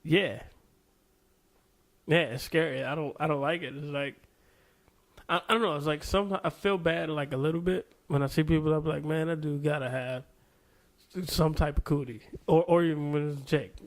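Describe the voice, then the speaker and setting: A man's voice: on the high side, steady tone, moderate pace. A man co-hosting a comedy podcast in casual chat, speaking hesitantly with many fillers and frequent laughs. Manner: hesitant, lots of likes, laughs often. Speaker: podcast co-host.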